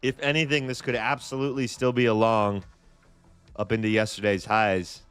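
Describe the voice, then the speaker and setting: A man's voice: fairly low pitch, little pitch movement, normal speed, a bit bright, clean tone, faint music behind. A man hosting a live trading stream in a loose, chatty way, repeating phrases and restarting his sentences. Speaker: livestream trading host. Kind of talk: casual live-stream chat.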